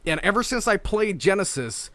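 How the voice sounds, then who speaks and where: A young adult man telling an animated, profane story, laughing often and acting out quotes in high voices. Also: normal speed, no echo. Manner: profane and excitable. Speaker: streamer reacting to an animation.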